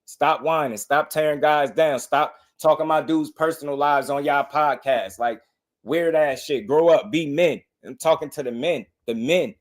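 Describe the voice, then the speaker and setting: A man's voice: fairly high pitch, moderate pace. Heated man ranting on a boxing stream. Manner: heated, impassioned, repeats his points. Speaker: boxing channel host. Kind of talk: livestream commentary rant.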